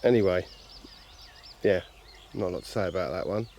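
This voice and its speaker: The voice sits low and dark, moving at a moderate pace against slight background noise. It belongs to a carp angler vlogging outdoors by a lake on a handheld camcorder, chatty and jokey, happy to make fun of himself.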